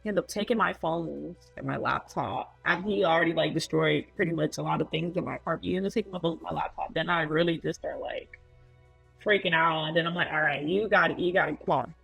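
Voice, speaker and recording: A woman recounting a personal story in a relaxed, conversational way, with a lot of filler words. Her voice has a gravelly, vocal-fry edge. The recording is dry and close, with faint music underneath. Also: deep voice, brisk, no echo, poor audio. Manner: loose and conversational, full of "like" fillers. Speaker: guest sharing her story.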